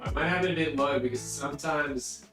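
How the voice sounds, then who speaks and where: A man's voice: a little high, fairly quick, music in the background. Rambling guy on a livestream, kinda far from the mic, echoey room. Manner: rambling, easily distracted. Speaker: streamer. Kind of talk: casual livestream chat. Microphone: sitting far from the mic.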